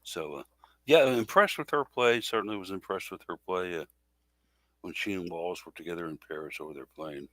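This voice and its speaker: Very deep-voiced man, halting sports chat. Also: bright, forceful tone, dry recording. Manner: halting, many fillers and self-corrections. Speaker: podcast co-host.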